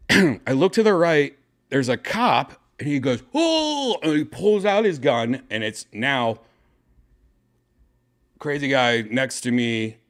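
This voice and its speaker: A man hosting a podcast, casually telling a story with excitement and swearing, acting out his own shouts. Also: mid-range voice, slow, pauses often. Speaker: podcast host.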